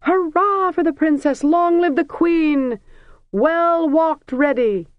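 A narrator voicing a cheering crowd of common folk with loud, high, drawn-out shouts. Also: dry recording, highs cut off.

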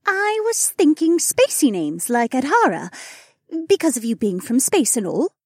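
A woman's voice: measured pace, slightly rough, dry recording, clean studio sound, full character voice. A woman voicing a cheery, chatty young woman in an audiobook. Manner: bubbly, high and excitable. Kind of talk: audiobook character voice.

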